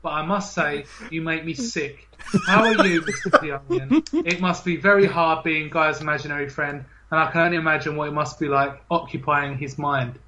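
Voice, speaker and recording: A man's voice: a little high, normal speed, sharp tone, slight background noise. A man hosting a comedy gaming podcast in a teasing, mock-formal way, often laughing. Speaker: podcast host.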